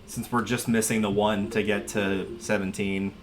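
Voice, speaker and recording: A man's voice: fairly low pitch, level tone, normal speed, a little hiss or hum. A man giving casual gameplay commentary on a livestream, chatty and wry, joking as he plays.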